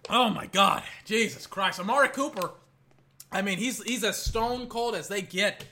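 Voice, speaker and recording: A man reacting live to a football game as a fan, excitable and exclamatory, rambling between play calls. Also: high-pitched, a little slow, slight background noise.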